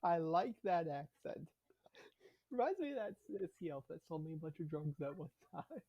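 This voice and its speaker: Lively husky man playing a tabletop game. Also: a little high, moderate pace, dry recording, muffled recording. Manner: excitable, laughs often, animated. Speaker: player.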